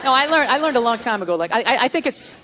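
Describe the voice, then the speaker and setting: Ranting high-voiced male stand-up comic. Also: animated, very fast. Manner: ranting, profane, shouting punchlines. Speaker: stand-up comedian. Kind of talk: stand-up comedy routine. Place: comedy stage before a live audience. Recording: live club set with crowd laughter and noise.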